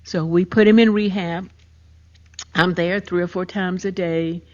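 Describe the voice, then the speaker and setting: A woman's voice: lowish voice, fairly even intonation, a little slow, darkish tone. Older woman retelling a painful story. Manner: emotional, emphatic retelling. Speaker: podcast host. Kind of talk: personal storytelling. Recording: muffled lo-fi recording.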